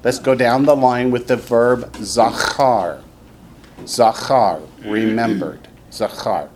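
Slowly and in a darkish mid-range voice, a Hebrew teacher leads a classroom lesson, saying each word so students can repeat it back. He drills them patiently, and faint hiss or hum is audible.

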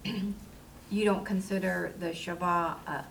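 A halting female student asking questions. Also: on the low side, fairly even intonation, vocal fry, a bit bright, a little hiss or hum. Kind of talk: classroom Q&A.

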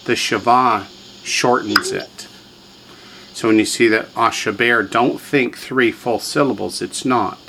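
A man's voice: medium pitch, fairly even intonation, a little slow, gravelly, background noise. A man teaching a classroom lesson, drilling students with repetition and quiz questions. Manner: drills students, has them repeat words, quizzes them. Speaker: language teacher.

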